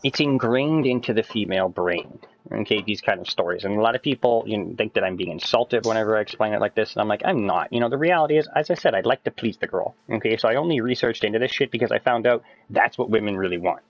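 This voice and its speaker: A man talking fast and pressing on, explaining his theory to friends over a game stream, with a faint hiss on the line. He swears freely and his pitch shoots upward whenever he gets excited. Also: rough recording. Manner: lecturing, excitable, swears a lot, voice climbs when worked up. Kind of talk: casual chat with friends while gaming.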